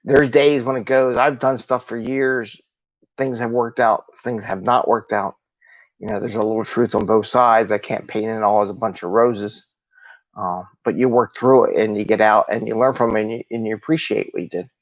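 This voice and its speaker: A man's voice: mid-range voice, lo-fi sound. A man hosting a live solo video talk as an agile coach, talking in an upbeat, conversational way and asking his viewers rhetorical questions.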